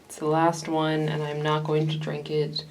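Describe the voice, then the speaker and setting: A young woman vlogging in a stressed, rambling confessional, swinging from low mumbling to loud indignant outbursts and slipping made-up words into her speech. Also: completely flat delivery, normal speed, heavy background noise. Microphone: camera in front of her. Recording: echoey room.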